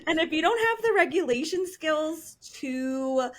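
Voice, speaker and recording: High-voiced woman counselor, earnest. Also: expressive, unhurried, fairly bright tone. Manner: earnest, explanatory, frequent ums. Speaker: licensed professional counselor. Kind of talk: podcast interview guest.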